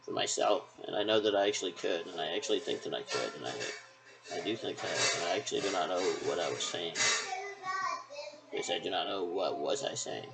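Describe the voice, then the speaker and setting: Gravelly man rambling in circles. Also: low voice, a little fast, over loud music, low-quality recording. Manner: repetitive, circling, hesitant. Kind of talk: rambling monologue.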